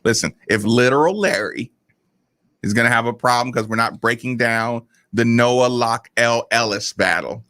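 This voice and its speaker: A man co-hosting a radio sports talk show, telling a story with animated, self-deprecating banter. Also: mid-range voice, moderate pace, no echo.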